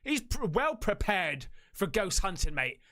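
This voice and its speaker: Excitable British man reacting. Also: high-pitched, measured pace. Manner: excitable, swearing, animated. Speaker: reaction host. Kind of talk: casual reaction commentary.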